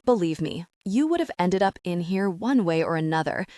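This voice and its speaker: A woman voicing a smug, scheming woman who speaks slowly and mockingly in an audiobook. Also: lowish voice, animated, mellow, no echo, studio quality, natural voice. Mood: cold. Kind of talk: audiobook narration.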